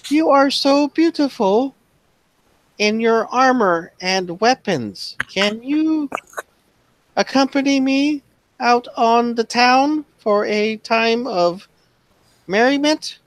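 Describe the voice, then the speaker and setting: A man voicing an overly polite gentleman asking a lady out. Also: animated, slow pace, no room sound, heavily acted, poor audio. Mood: courtly. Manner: high, florid, courtly.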